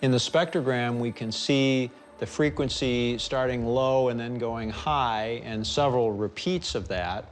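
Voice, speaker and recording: A man interviewed as a forensic audio expert, explaining in a measured, technical way. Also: mid-range voice. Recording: loud background noise.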